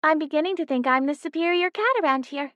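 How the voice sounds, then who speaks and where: A woman's voice: sits high, fast talker, a bit bright, no echo, pitched above the performer's own voice. A woman voicing a small, cute young female cat who chatters eagerly in an audiobook. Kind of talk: audiobook narration.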